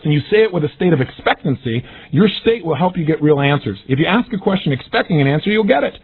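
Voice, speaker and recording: A man giving an energetic, emphatic motivational seminar talk, acting out the questions he quotes. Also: a little high, fast, husky. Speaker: motivational speaker. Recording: tinny phone-like lo-fi audio.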